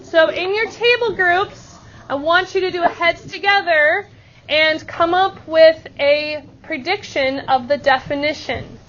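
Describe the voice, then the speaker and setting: A woman's voice: very high-pitched, a bit bright, slight background noise. A woman teaching a classroom vocabulary lesson, upbeat and encouraging. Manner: upbeat, encouraging, slow and clear. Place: school classroom. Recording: muffled classroom audio with chattering kids.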